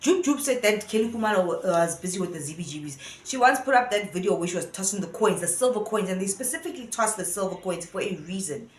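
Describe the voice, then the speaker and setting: A woman's voice: mid-range voice, expressive, fast talker, few pauses. A woman giving casual opinion commentary, earnest and rambling as she thinks aloud. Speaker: vlogger. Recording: roomy echo.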